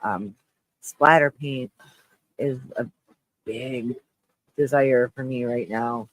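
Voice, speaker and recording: A man hosting a live stream, chatting with viewers in a low, shaky-voiced mood, halting and restarting as he rambles. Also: fairly bright tone, poor audio. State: shaky voice, close to tears. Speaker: livestream host.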